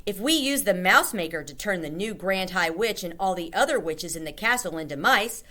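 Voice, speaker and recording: A woman voicing an excited young boy who has been turned into a mouse, in a children's book read-aloud. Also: on the low side, moderate pace. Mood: grave. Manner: eager, urgent.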